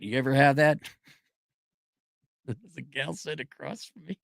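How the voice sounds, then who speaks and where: A man's voice: mid-range voice, steady tone, unhurried, gravelly, long pauses, a bit bright, no echo, clean studio sound. A middle-aged man ranting in a sarcastic, rambling, profane monologue as a podcast host.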